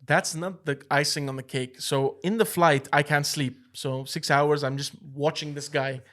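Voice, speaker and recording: A young man co-hosting a podcast, telling a funny travel story in casual chat, animated, with lots of restarts. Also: a little high, normal speed. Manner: animated, laughing, many restarts and "bro". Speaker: podcast co-host.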